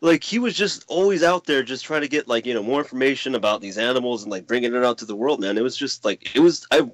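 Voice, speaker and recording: Male co-host, middle pitch, dry close mic, loose profane rambler. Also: fast talker, no room sound. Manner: rambling, filler-heavy, profane. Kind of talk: casual chat.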